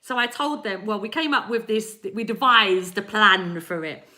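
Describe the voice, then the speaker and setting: Bright-voiced woman giving spirited readings. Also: mid-range voice, moderate pace. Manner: animated and encouraging, laughs often; speaks directly to chat viewers. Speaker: energy healer giving live readings. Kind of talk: live-stream spiritual reading to viewers.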